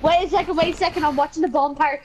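Hoge, luide gamer die juicht en lacht, lichte ruis. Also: female voice, high voice, fairly even intonation, racing, slight background noise. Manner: loud, cheering, laughing often. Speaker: gamer hosting the video. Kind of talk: casual party chat.

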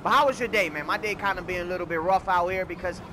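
A man doing comedic game commentary, loud and theatrical, swinging between mock grief and yelling. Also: high voice, fast talker. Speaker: gaming YouTuber. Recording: background noise under the voice.

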